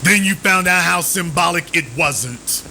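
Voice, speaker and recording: A man's voice: high voice, a little slow, creaky, pushed and bright, slight background noise, rough recording. A man hosting a live stream, giving emphatic commentary, with sarcastic, repeated rhetorical questions.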